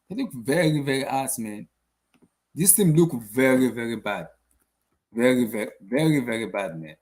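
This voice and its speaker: A man's voice: medium pitch, animated, a little slow, long pauses, a little mellow. A young man hosting a casual football channel, ranting after a match with exasperated rhetorical questions and lots of repetition. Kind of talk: casual post-match rant.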